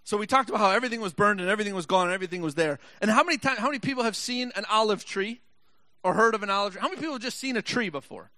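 A man preaching a sermon, reading scripture slowly, joking with the congregation, and rising to impassioned shouts. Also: sits high, dry recording.

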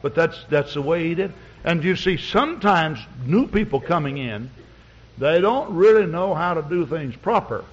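A man's voice: on the high side, animated, normal speed. A man preaching as a pastor, telling a story in a folksy, rambling way with many fillers. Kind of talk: storytelling sermon. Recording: dull lo-fi recording.

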